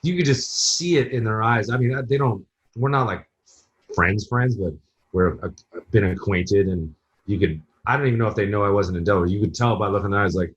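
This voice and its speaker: Husky man, dull lo-fi sound. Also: fairly low pitch, a little fast. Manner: loose, profane, rambling anecdotes. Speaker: podcast guest. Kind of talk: casual conversation.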